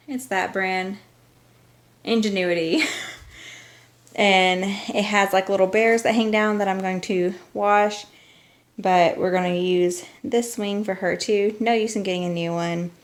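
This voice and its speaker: A young woman, chatting casually to camera as a mom vlogger, rambling with small laughs. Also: medium pitch. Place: room at home. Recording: roomy echo in a home room.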